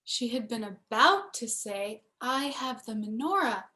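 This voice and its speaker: A woman, a cantor, gently and expressively reading a children's bedtime story aloud. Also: fairly high pitch, expressive, measured pace.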